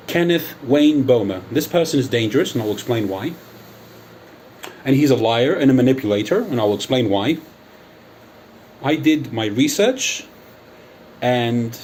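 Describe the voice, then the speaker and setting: A man hosting his own channel, launching into a combative callout with a taunting, emphatic edge. He stretches out key words for drama, his voice sitting at a middling pitch, and there is a faint hum behind him. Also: lively intonation, moderate pace, darkish tone. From United Kingdom. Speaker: channel host. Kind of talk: angry callout monologue. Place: Athens, Greece.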